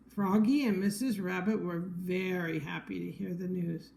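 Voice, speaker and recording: A woman reading a picture book aloud to a child, gently pointing out the pictures. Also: mid-range voice, fairly even intonation, moderate pace, vocal fry, hardly any pauses, low-quality recording. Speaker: storybook reader.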